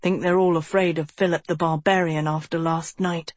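A woman's voice: sits low, level tone, normal speed, no room sound. Woman voicing a cocky, teasing young prince. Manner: breezy, teasing. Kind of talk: audiobook character voice.

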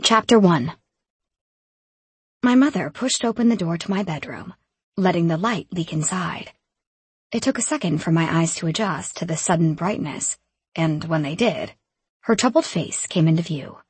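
A woman narrating a first-person fantasy audiobook in a measured, even reading. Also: lowish voice, breathy edge, no echo. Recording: dry close studio sound.

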